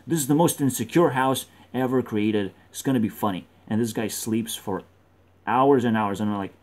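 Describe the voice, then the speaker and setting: A man's voice: medium pitch, normal speed, a little mellow. Profane rambling male gameplay commentator. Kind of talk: rambling let's-play commentary.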